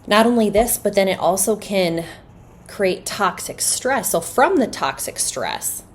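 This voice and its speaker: A woman hosting a parenting podcast, speaking in an animated, emphatic way with rhetorical questions. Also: mid-range voice, measured pace, a little hiss or hum. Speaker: podcast host.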